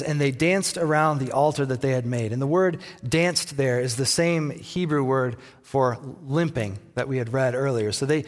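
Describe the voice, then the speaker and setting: A man preaching a sermon as a pastor, telling the story in a lively way and acting out the quoted lines with playful taunts. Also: mid-range voice, in a large hall.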